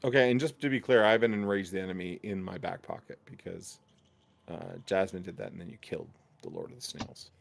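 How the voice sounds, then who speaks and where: Game master, man, excitable, swears freely. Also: low-pitched, brisk, vocal fry, a little hiss or hum. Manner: excitable, swears when surprised. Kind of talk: running a tabletop game.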